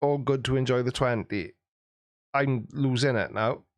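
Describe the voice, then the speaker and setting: A man hosts a live stream and reads viewer comments in a cheeky, joking way, laughing often. His pitch sits mid-range, and the sound is dry and close, with no room echo. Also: unhurried. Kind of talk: casual chat reading out viewer comments.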